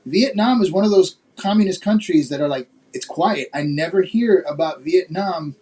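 A man's voice: high-pitched, animated, normal speed, dark tone, rough recording. A man from Florida hosting a casual podcast chat, asking loose, rambling questions with lots of fillers. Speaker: podcast host.

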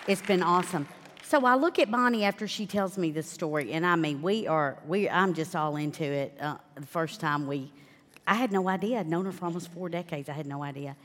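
A woman's voice: on the low side, fairly quick. A woman, hosting a faith talk show and telling about her guest in an affirming way. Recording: long hall reverb.

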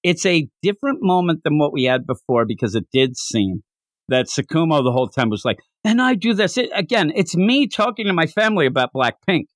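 A man co-hosting a casual podcast chat, animated, often slipping into high put-on voices to act out character lines. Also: brisk, no echo, studio quality. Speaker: podcast co-host reviewing an anime.

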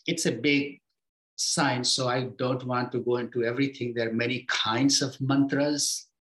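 A man giving a reflective spiritual talk as a teacher, unhurried, his voice sinking low and quiet at the ends of phrases. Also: steady tone.

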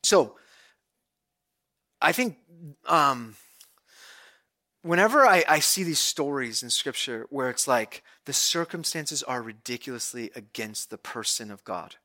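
A male pastor giving a conversational, animated sermon, retelling scripture as a story. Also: medium pitch, a little slow, long pauses.

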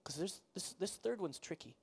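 A pastor preaching a sermon in a conversational way, asking the congregation questions and acting out the people in the story. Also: male voice, high voice, normal speed. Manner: conversational preaching, asks the audience questions, acts out quotes.

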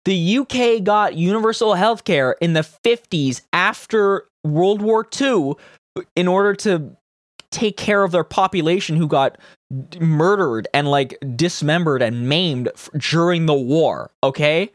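A man's voice: a little high, unhurried, dry recording, clean studio sound. A man hosting casual political commentary from Canada, reading news quotes aloud and mocking them with profane, sarcastic outbursts.

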